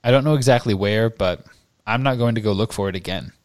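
Man reading a weary teen wizard, quiet, subdued, low voice, dry close sound. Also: fast talker, no room sound, lightly acted. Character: weary teenage boy wizard.

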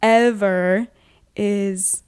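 A woman's voice: mid-range voice, fairly even intonation, very slow, a little mellow, smooth. A young woman chatting as a podcast guest, telling travel stories in an upbeat way, with lots of "like". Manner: chatty, upbeat, heavy use of "like". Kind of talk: casual podcast storytelling.

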